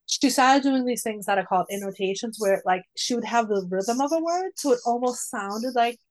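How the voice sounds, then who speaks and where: A woman in her forties telling a long personal story in a casual, rambling way, full of fillers and lively quoted asides. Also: a little high, normal speed, poor audio. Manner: rambling, many "like" fillers, animated when quoting. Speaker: mother of a nonverbal daughter, guest.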